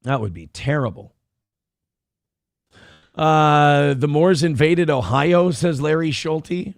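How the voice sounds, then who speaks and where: A man hosting a morning livestream show, reading donations in loud, crude, fast banter. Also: a little high, gravelly, no echo, studio quality.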